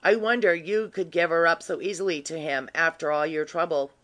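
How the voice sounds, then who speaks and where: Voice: medium pitch, fairly even intonation, fairly quick, a bit bright, close to an everyday voice. A reader doing a teasing worldly earl. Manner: teasing, familiar. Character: worldly curious aristocratic earl, man. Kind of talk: audiobook reading.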